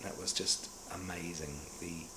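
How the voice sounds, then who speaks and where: Middle-aged New Zealand actor, fairly low voice, animated storyteller, echoey room with faint ambience. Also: male voice, a little slow, slight background noise. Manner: animated storyteller who acts out remembered dialogue. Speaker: actor and director interviewee. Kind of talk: casual anecdotal interview.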